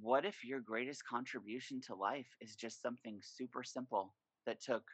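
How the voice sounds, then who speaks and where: A man talking as a podcast guest in casual chat, telling stories in an animated, profane way. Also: medium pitch, normal speed, husky, no echo, low-quality recording.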